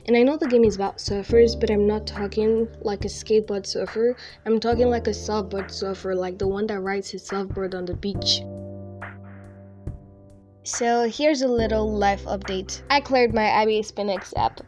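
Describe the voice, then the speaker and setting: A young woman giving a chatty, relaxed voice-over about her digital art. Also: medium pitch, normal speed. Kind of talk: casual voice-over narration. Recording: faint music behind.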